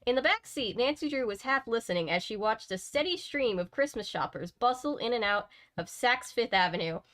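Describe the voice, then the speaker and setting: A woman's voice: on the high side, lively intonation, fairly quick, a bit bright. A woman hosting a book channel, reading a novel aloud at home and breaking off for chatty, self-mocking asides. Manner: chatty, laughs at herself, digresses often. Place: home editing room.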